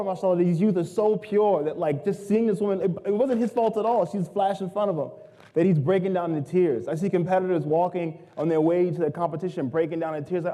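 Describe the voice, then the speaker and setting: Young man, slightly high and mellow-toned, telling self-mocking stories at a summit; long hall reverb. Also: brisk. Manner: lively, self-mocking, acts out quoted people. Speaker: guest speaker. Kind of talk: humorous storytelling talk.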